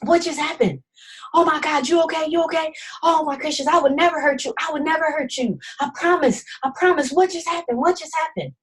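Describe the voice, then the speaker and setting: A woman's voice: sits high, voice pushed up, natural voice. Woman doing a frantic pleading man. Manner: rapid repeated pleading.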